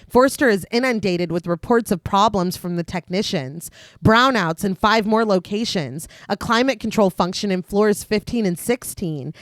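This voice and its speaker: Lively, dry-sounding woman podcaster. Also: mid-range voice, dry recording. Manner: laughs often, animated asides. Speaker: podcast co-host. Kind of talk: reading a film recap.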